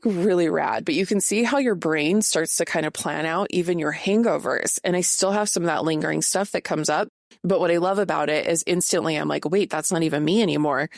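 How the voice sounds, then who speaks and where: Chatty woman host with a low gravelly voice. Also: no echo, clean studio sound. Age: 30s. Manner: candid, chatty, lots of fillers. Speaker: podcast host. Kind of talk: casual solo podcast talk.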